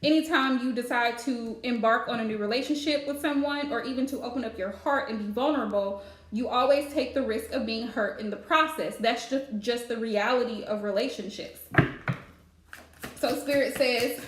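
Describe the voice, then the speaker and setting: A woman's voice: fairly high pitch, moderate pace, reverberant, slight background noise. A woman giving a live-streamed spiritual reading, chatty and advice-giving with lots of fillers. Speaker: psychic card reader.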